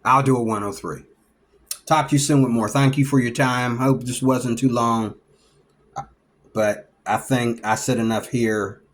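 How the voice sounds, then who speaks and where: A man vlogging in a casual storytelling monologue, lively and acting out the people he talks about. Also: medium pitch, measured pace. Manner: animated, acts out the people he describes.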